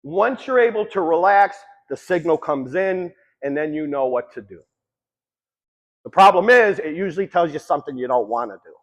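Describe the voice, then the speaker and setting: A man's voice: a little high, lively intonation, moderate pace, rough recording. A man giving a long-winded, conversational motivational talk about addiction, swearing casually as he tells stories. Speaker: speaker.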